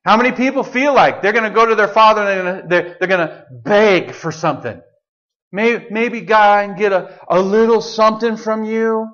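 A man with a high-pitched voice preaches a sermon in an easy, conversational way. He often slips into quoting God and Jesus as he talks. The sound is dull and a bit lo-fi. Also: moderate pace, fairly bright tone. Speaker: pastor.

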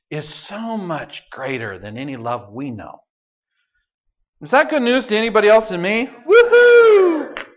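Animated high-voiced male preacher. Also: highs cut off. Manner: animated, swings from loud to hushed. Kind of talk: sermon.

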